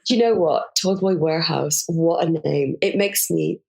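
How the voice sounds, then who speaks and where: A woman's voice: low-pitched, a little slow, gravelly, pauses often, a little mellow. A woman in her forties, a podcast guest telling frank, self-mocking stories in a candid interview. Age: 40s.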